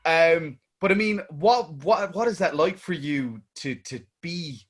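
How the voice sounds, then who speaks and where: A man's voice: on the high side, unhurried, breathy edge. Enthusiastic male interview host. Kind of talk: casual interview conversation.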